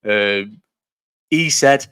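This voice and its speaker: A man's voice: on the low side, very slow, smooth. A young man hosting a live chat, ranting casually about football, sweary and rambling, answering people in the chat. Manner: animated, sweary, rambling, talks to chat readers.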